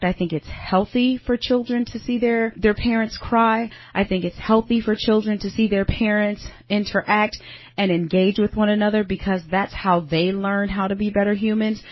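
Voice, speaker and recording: A woman's voice: mid-range voice, dry recording, muffled recording. A woman, hosting a podcast and telling a personal story in an earnest, confiding way, calling her listeners "y'all". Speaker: podcast host.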